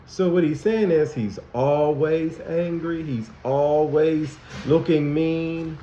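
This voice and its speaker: A man school counselor giving a lesson to young children, animated and asking them many questions. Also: a little high, slow pace, a little hiss or hum. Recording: dull, echoey room recording.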